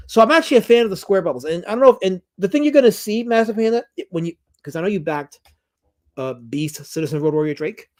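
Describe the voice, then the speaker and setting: A man's voice: sits high, lively intonation, fast. Rambling male livestream host. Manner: rambling, many restarts and fillers. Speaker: livestream host reading chat. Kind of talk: casual livestream talk.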